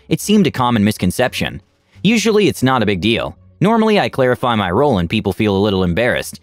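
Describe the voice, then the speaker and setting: Lively male story narrator, dry close mic. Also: medium pitch, dry recording. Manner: animated storytelling, reading each quoted person in turn.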